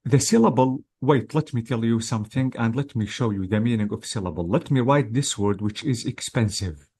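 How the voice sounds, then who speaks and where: Working through exam practice material one step at a time, this English test-prep teacher hesitates often and keeps checking in with his students. He speaks at a moderate pace in a mellow, slightly rough, medium-pitched voice.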